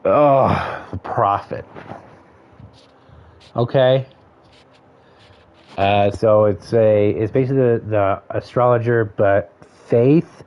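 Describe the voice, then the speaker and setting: Slow and pausing often, a man with a lowish voice chats casually while streaming a game. He thinks out loud and quietly tallies his options, and the stream audio is dull and lo-fi.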